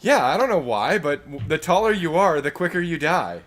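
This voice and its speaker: A man's voice: fairly high pitch, sing-song, moderate pace, fairly bright tone. A man co-hosting a podcast, joking and laughing through casual banter. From Illinois. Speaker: podcast co-host.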